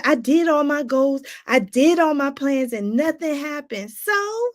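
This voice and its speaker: High-voiced woman life coach preaching. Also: animated, unhurried. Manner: preachy, repeats phrases for emphasis; talks straight to viewers with casual asides. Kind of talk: motivational talk to viewers.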